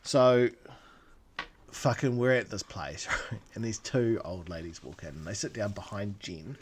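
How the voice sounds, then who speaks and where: A man with a New Zealand accent, co-hosting a podcast and telling stories in an animated, profane, ranting way. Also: on the low side, unhurried, a little hiss or hum. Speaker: podcast co-host. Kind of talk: casual storytelling chat.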